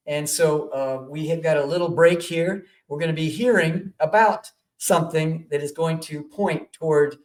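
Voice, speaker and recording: A man's voice: on the high side, normal speed, few pauses. Rambling male radio host. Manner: rambling, self-interrupting promotion. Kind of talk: radio talk show.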